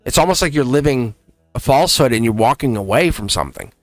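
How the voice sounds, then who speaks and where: A man hosting a live tarot reading, talking in a chatty, excited way, laughing often and acting out voices as he reads the cards. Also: mid-range voice, fast talker, no room sound, soft background music.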